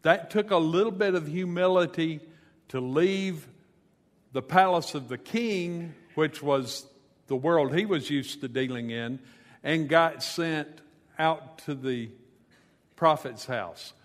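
A man's voice: a little high, takes it slowly, long reverb tail. A man preaching a sermon, retelling a scripture story in a conversational way with casual asides. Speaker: pastor.

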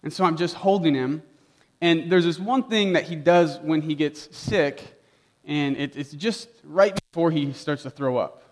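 A man's voice: fairly high pitch, unhurried. A young man preaching a sermon as a personal story, talking in a casual, chatty way full of "like" and acted-out dialogue. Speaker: pastor.

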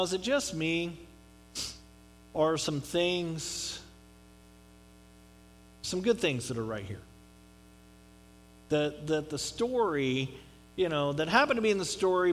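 Pastor guy with a high voice, chatty sermon, big echoey hall, goes soft then punchy. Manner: conversational preaching with dramatic drops and rises.

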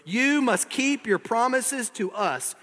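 A man's voice: sits high, expressive, normal speed, fairly bright tone, long reverb tail, pitched above the performer's own voice. A man voicing an earnest, determined young girl who insists on a promise. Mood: urgent. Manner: pleading, insistent.

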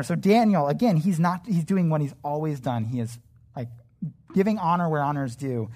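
Chatty Bible teacher in mid-pitch. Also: animated, brisk, a little mellow. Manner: conversational, with frequent fillers and restarts. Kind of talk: casual Bible study sermon.

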